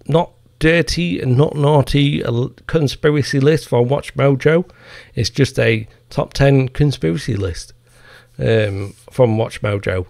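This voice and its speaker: Gravelly man ranting. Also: medium pitch, darkish tone, no room sound, clean studio sound. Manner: profane, heated ranting with mocking asides. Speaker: podcast host. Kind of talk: casual solo podcast rant.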